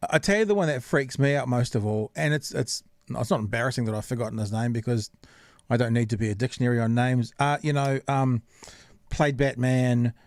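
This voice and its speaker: A man hosts a casual podcast, rambling as he hunts for words. His voice has a middle pitch. The sound is dry and close. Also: brisk, dry recording. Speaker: podcast host.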